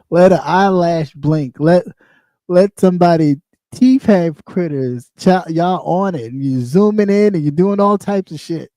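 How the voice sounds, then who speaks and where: Guy streaming, aave, cussing and laughing a lot, kinda high voice but mellow, dry sound. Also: unhurried, no echo. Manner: loose, profane and animated, with frequent laughs and repeats. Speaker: livestream host. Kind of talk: casual commentary livestream.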